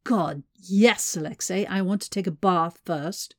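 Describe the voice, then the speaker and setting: A woman's voice: medium pitch, animated, normal speed, darkish tone, no echo, natural voice. Brief: narrator doing a hard-edged woman agent, blunt, sardonic, dry sound. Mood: exasperated. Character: blunt, tough female operative, sardonic.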